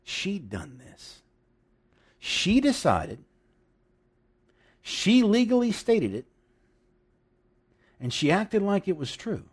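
Animated male preacher with lively pitch. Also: slow, pauses often, breathy edge. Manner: animated, laughing asides, dramatic emphasis. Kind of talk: sermon.

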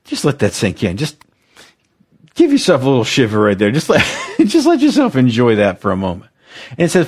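A man delivers an exuberant, emotional devotional teaching in podcast style, leading listeners to echo his phrases in call-and-response. His slightly rough, medium-pitched voice swoops wildly, keeping a moderate pace and pausing often.

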